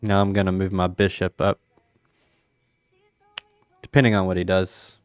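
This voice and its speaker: Relaxed male crypto streamer, smooth voice. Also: sits low, moderate pace, dry recording. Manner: relaxed, thinking aloud, playful banter. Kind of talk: casual livestream chat over charts and chess.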